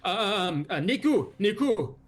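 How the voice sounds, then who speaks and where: A man's voice: very animated, takes it slowly, full character voice. A man voicing a frantic middle-aged male camp leader who stammers and gets flustered. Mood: eager. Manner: stammering, flustered, rising pitch.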